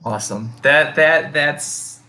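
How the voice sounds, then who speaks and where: A man's voice: fairly high pitch, slow pace, bright, forceful tone. A man running a tabletop game, chatting casually and jokily with his players after the session. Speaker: dungeon master. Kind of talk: casual post-game chat.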